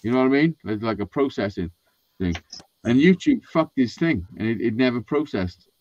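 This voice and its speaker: A man's voice: medium pitch, moderate pace. A man telling a rambling, sweary story in casual podcast chat, acting out what people said. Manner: sweary, animated, acts out quotes. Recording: dull lo-fi sound.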